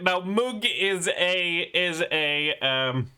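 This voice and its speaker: A man's voice: sits high, normal speed, hardly any pauses, pushed and bright, clean tone. A man, chatting casually and rambling on a live stream, laughing and swearing as he goes. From Sweden.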